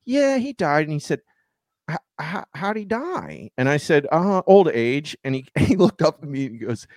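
A man's voice: on the high side, normal speed, no room sound. A man in his thirties, a podcast co-host, animatedly telling a story in casual chat. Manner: animated storyteller, laughs often.

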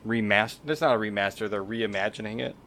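This male co-host speaks quickly in a lowish, slightly bright voice, with a little hiss or hum on the recording. He's casually chatting on a podcast about a game he came across, wandering a little and using fillers and self-corrections.

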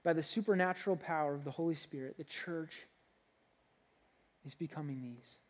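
A man's voice: on the high side, moderate pace. A young man preaches a sermon with energy, speaking in a conversational way. He often stops to restart a phrase before pressing on. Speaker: pastor.

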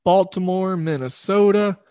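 A man's voice: high-pitched, a little slow, darkish tone, clean tone, dry recording, clean studio sound. A man hosting a sports betting show, rambling loosely through picks and correcting himself as he goes. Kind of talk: casual sports betting talk.

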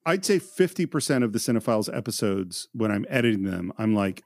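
A man hosting a casual film-discussion podcast, animated and often restarting his sentences. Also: fairly low pitch, a little fast, hardly any pauses, dry recording, clean studio sound. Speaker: podcast host.

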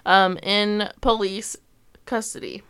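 A woman's voice: medium pitch, slow pace, clear, resonant tone. A woman co-hosting a podcast, chatting casually and animatedly, telling stories and putting on voices. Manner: animated, laughing, storytelling with voices. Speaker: podcast co-host. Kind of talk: casual chat.

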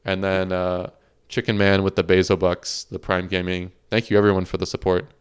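A man's voice: low voice, completely flat delivery, normal speed, clear, resonant tone. A man hosting a livestreamed podcast in casual chat, reading out viewer questions and laughing often. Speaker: podcast host.

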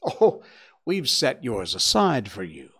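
A man voicing a brisk, practical countrywoman speaking to her brother, in an audiobook. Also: mid-range voice, wildly swooping pitch, slightly rough, exaggerated voice.

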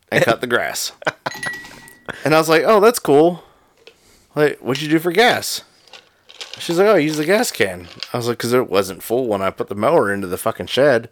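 A man's voice: mid-range voice, moderate pace, long pauses, a little hiss or hum. A man chatting casually at home over whiskey, telling a story with lots of swearing. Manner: profane, animated storyteller. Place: home, drinking whiskey with a friend.

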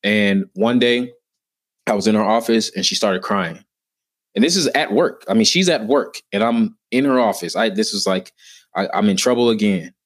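A man's voice: on the low side, normal speed. A man in his thirties, a podcast guest sharing heartfelt personal stories in an earnest, emphatic way that rises with feeling.

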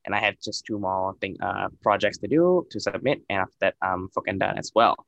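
A man's voice: low voice, a little fast, creaky, fairly bright tone, no room sound, dull audio. A young man co-hosting a podcast in casual, joking chat, swearing freely and using lots of fillers. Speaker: podcast co-host.

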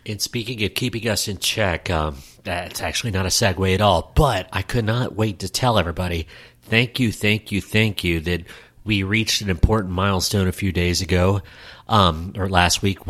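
A man's voice: deep voice, fairly bright tone. A middle-aged man co-hosting a casual podcast chat, jokey and playful, rambling with fillers. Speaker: podcast co-host.

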